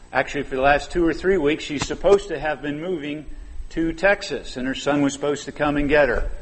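A man's voice: medium pitch, breathy edge, in a large hall. A man in his fifties preaching a sermon in a church, conversational and drawing out key words for emphasis. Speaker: pastor. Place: church sanctuary.

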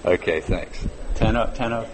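A man's voice: on the low side, moderate pace, long reverb tail, background noise. A man in his fifties preaching a sermon in a church, conversational and drawing out key words for emphasis. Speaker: pastor. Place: church sanctuary.

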